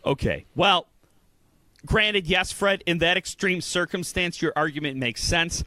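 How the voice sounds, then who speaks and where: A man with a bright, forceful, fairly high voice, mock-indignantly ranting as a podcast co-host. The sound is close and dry. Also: unhurried, no echo. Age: adult. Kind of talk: casual comedic banter.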